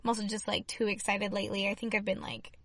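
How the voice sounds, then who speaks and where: A young adult woman hosting a podcast in chatty, upbeat talk, her voice slightly hoarse. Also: mid-range voice, flat delivery, fast, a bit bright, no echo. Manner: chatty and upbeat, many fillers. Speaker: podcast host. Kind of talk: casual solo podcast talk.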